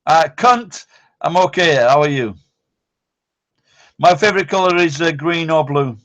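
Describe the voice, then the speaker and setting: A man's voice: on the high side, animated, unhurried, a bit bright, highs cut off. A man, hosting a casual live-stream chat, rambling, blunt and swearing constantly. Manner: rambling, blunt and heavily profane.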